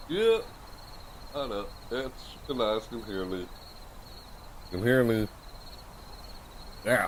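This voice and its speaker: A man with a low voice live-streams from his bedroom, lying on his bed and chatting casually to viewers. He's rambling, repetitive and animated, often yelling to chat, and his desk mic's gain is turned all the way up, leaving a little hiss or hum.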